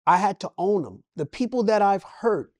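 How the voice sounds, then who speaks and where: A man's voice: high-pitched, animated, normal speed, no room sound. A man from Los Angeles, a guest in an interview, talking about his life with passion, in preacher-like bursts and repeated phrases. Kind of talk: emotional personal interview.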